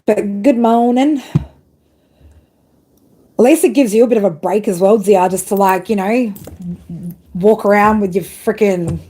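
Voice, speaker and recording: A woman's voice: mid-range voice, measured pace, long pauses, dark tone. A woman doing a live-stream tarot reading, ranting bluntly with heavy swearing and chatting to viewers. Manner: blunt, heavily profane ranting. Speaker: tarot reader.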